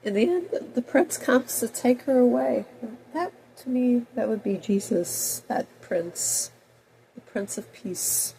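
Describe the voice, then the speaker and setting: A woman in her fifties with a cold, talking in a rambling personal monologue that swings between loud outbursts and soft mutters. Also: on the high side, measured pace, creaky, slight background noise, low-quality recording. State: has a cold. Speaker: video blogger.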